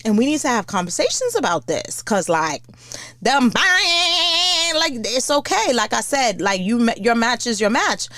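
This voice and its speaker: A woman hosts her podcast in a blunt, profane, comedic rant. Her fairly high voice swings widely in pitch. The sound is dry and close, with no room echo. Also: a little slow. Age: older. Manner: blunt, profane, lively and animated. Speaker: podcast host.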